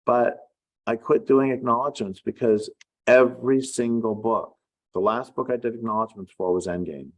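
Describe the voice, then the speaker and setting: A middle-aged man, an author, telling a story in an unhurried, reflective way with wry asides. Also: mid-range voice. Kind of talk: casual spoken essay.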